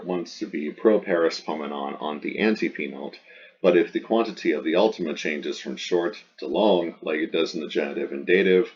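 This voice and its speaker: A man's voice: very deep voice, dull audio. A man teaching ancient Greek grammar, chanting word forms in a sing-song and explaining patiently. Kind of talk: recorded grammar lesson.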